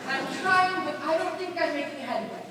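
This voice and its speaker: A woman's voice: high-pitched, expressive, moderate pace. A young woman playing a stiff, exasperated bank manager. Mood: patronizing. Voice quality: stiff, patronizing, curt. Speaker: student actor. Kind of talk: stage play acting. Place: school auditorium stage. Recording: echoey hall, distant mic, hiss.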